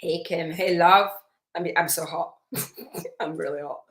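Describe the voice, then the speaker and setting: A woman's voice: lowish voice, measured pace. A woman hosting a live spiritual business masterclass, chatty and effusive, rambling with fillers as she reads out viewer comments. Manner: warm, effusive, rambling with many fillers and restarts. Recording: roomy echo.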